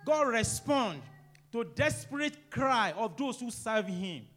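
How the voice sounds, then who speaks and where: High-voiced preaching man with big swings. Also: sing-song, takes it slowly, soft background music. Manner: preaching with sudden loud emphatic rises and quiet low asides. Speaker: pastor. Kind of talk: sermon.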